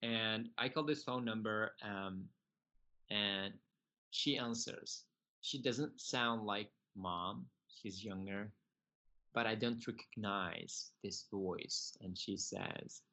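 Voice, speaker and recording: A young man from Syria, telling his personal story as a podcast guest in earnest, halting, broken English. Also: on the low side, a bit bright.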